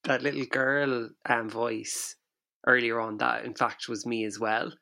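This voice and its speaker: Very deep-voiced woman, joking. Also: level tone, unhurried, creaky, sharp tone. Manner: rambling, playful, hesitant with fillers. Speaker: podcast co-host. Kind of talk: casual chat.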